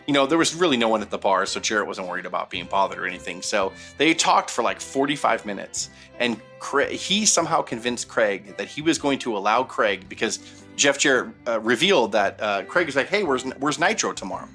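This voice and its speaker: A man with a bright, forceful voice spins a rambling, animated story on a casual podcast, full of ums and acted-out quotes. Faint music plays softly behind him. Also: on the low side, fairly quick. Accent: Southern Californian. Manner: rambling, animated anecdote-telling with many fillers. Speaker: podcast co-host.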